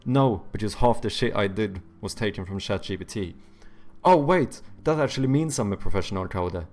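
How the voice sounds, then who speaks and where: A man's voice: fairly low pitch, brisk, darkish tone, faint music behind. A young man streaming from his home setup, chatting casually while he codes, joking about himself and swearing freely. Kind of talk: casual live-stream chat while coding.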